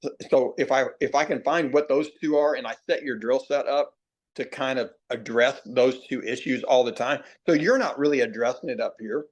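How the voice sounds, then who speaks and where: A middle-aged man, a baseball hitting coach, talking in a podcast interview. He tells folksy stories, acts out quoted players and slows down to stress key points. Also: medium pitch, highs cut off. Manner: plainspoken, repeats himself, drawn-out emphasis.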